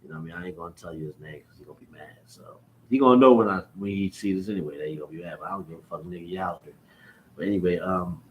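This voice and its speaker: A man ranting casually to his viewers, profane and repetitive, jumping from topic to topic. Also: low voice. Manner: profane, animated, repeats himself. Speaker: vlogger. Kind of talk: casual rant to camera. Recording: echoey room with faint background noise.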